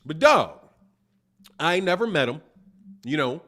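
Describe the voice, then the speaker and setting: High-voiced man ranting about boxing. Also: big pitch swings, measured pace, sharp tone. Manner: profane, slangy, mocking, laughs often. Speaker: boxing channel host. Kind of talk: casual livestream rant.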